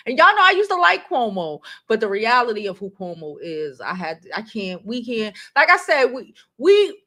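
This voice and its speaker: A woman with a Brooklyn accent chats live with her viewers. Her voice sits a little high and bright. She talks in a blunt, animated, unfiltered way. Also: measured pace, hardly any pauses. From New York City. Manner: animated, blunt, swears freely. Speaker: vlog host. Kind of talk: casual live-stream chat.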